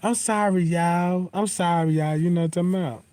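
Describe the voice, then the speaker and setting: A man's voice: high-pitched, brisk, clean tone. A man hosting a casual livestream, rambling and profane, getting heated and constantly asking if listeners know what he's talking about. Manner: heated and animated. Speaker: livestream host.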